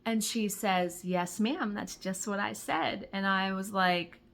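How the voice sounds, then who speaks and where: Middle-aged woman vlogger, bright voice, lively storyteller, acts out dialogue, casual swearing. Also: mid-range voice, slow, creaky. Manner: animated, retells conversations, swears when excited. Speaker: crafting vlogger.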